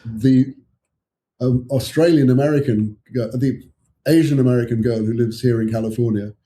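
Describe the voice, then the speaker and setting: A man's voice: medium pitch, moderate pace, warm tone. An older English man, an author guest, telling rambling anecdotes in casual chat with chuckling asides.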